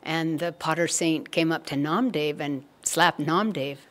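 Brief: woman storyteller, low voice, measured and unhurried spiritual telling.

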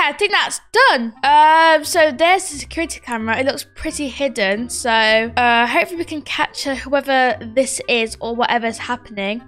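A woman's voice: sits high, a bit bright. A young woman, narrating a game role-play in a chatty way, talking to viewers. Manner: chatty, talks to viewers as guys. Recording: faint background music.

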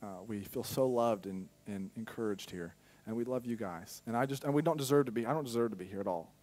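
A young man giving a personal testimony sermon as a pastor in a church, telling his story candidly with sudden loud bursts. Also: mid-range voice, fast.

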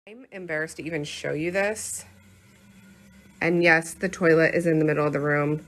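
A woman's voice: sits low, normal speed. A woman in her thirties, a lifestyle blogger talking casually into her phone while walking through her house. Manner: chatty, bubbly, excitable. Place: house interior.

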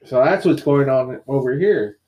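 This man co-hosts a podcast and recaps a comic plot in casual chat, an animated storyteller who quotes the characters and fills his speech with fillers. His voice is medium-pitched at normal speed, and the sound is lo-fi.

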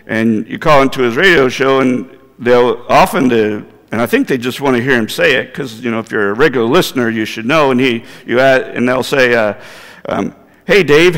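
Conversational pastor, church hall reverb. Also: male voice, mid-range voice, a bit bright. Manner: conversational, asks the congregation questions. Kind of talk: sermon. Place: church sanctuary.

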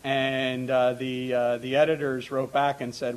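A man's voice: mid-range voice, flat delivery, slow pace, a little hiss or hum. A middle-aged man introducing a panel in a lecture hall, talking informally with many fillers, restarts and asides. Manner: informal asides with light laughter.

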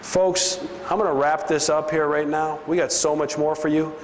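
A man's voice: little pitch movement, moderate pace, slight background noise. A man giving a punchy, preachy motivational seminar speech to a sales crowd. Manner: preachy, punchy, drops into a low voice for emphasis. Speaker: business speaker. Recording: long hall reverb, faint ambience.

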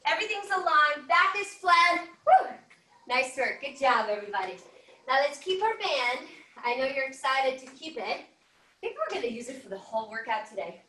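A woman's voice: high-pitched, expressive, normal speed, pushed and bright. A woman fitness instructor leading an online workout class, cheering and coaching while she exercises, a bit out of breath. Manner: upbeat coaching with whooping cheers. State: slightly out of breath. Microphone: laptop mic on a video call, at a distance. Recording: roomy and distant from the mic.

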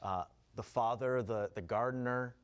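A man's voice: mid-range voice, normal speed. A man, a father and husband, co-hosting a casual devotional chat in an earnest, conversational way. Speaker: pastor co-host.

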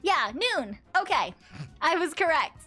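A woman VTuber streamer chatting casually and excitedly with her viewers, swearing freely and laughing often. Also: very high voice, unhurried, faint music behind. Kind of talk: casual livestream chat with viewers.

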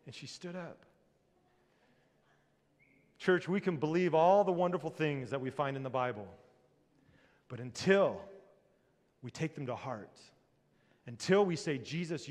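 A male pastor preaches in a church with a voice pitched a touch higher than most men. His delivery climbs to loud, animated peaks and sinks to near-whispers. The sound carries a long reverb from the sanctuary. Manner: lively preaching, swings between loud and hushed. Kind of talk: sermon.

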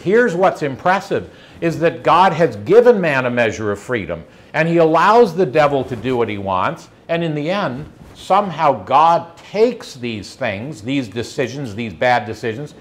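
Male preacher, slightly high voice, easy conversational sermon delivery. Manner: conversational, pleading, voices scripture quotes.

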